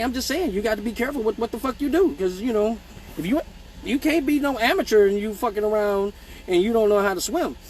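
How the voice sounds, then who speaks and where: On his livestreamed question-and-answer show, a man who works as an exotic dancer spins a meandering, foul-mouthed tale while joking with viewers. He speaks in a high voice, with slight noise in the background.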